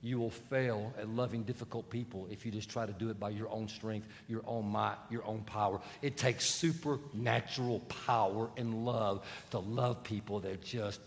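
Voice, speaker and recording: A male pastor preaching a sermon, emphatic and swelling to shouts. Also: lowish voice, fairly even intonation, normal speed, vocal fry, hardly any pauses. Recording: long hall reverb with faint music.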